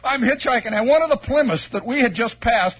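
A man telling a comic first-person story on the radio, animated and full of sound effects and acted-out voices. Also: very high voice, fairly quick, husky. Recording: dull lo-fi old radio broadcast with faint music.

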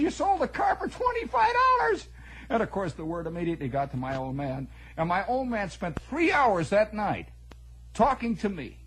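A man telling a personal story in a radio monologue, animated and chuckling as he acts out family dialogue. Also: high-pitched, husky, low-quality recording.

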